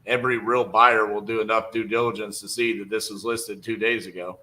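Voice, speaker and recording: A man's voice: lowish voice, flat delivery, a little fast, pushed and bright, low-quality recording. A young man in casual livestream talk, blunt and conversational, with frequent fillers, between cold calls to sellers. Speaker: real estate wholesaler.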